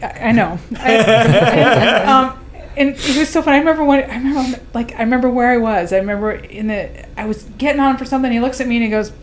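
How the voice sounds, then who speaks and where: A woman working as a physician assistant, chatting on a podcast and telling stories with halting restarts. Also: fairly high pitch, a little hiss or hum. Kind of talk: casual chat.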